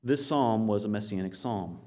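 A man's voice: fairly low pitch, normal speed. A man preaching a Bible teaching, who asks his listeners questions and answers them himself, and reads scripture aloud. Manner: animated storytelling, quotes scripture aloud. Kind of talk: sermon.

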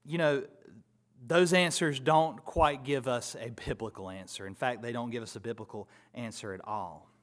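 A man preaching a sermon, expounding scripture and building to loud, emphatic contrasts before dropping back down. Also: medium pitch, normal speed.

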